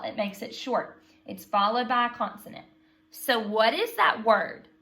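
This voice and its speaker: A woman teaching a phonics lesson to young children, patient and slow, prompting them to repeat sounds after her. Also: fairly high pitch, bright, forceful tone.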